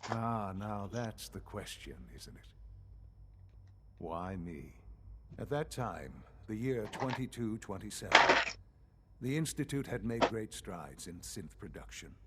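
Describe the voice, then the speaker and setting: An actor playing a calm elderly male scientist leader in a game, speaking in a measured, formal way. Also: fairly low pitch, very noisy. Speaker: game character. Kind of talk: game dialogue.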